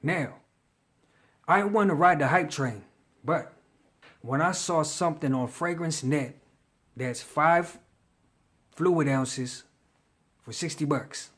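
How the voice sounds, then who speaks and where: A man's voice: on the high side, takes it slowly, pauses often, fairly bright tone. A man giving a casual fragrance review in a slangy, chatty way, hyping the ones he likes. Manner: slangy, chatty, hypes his picks.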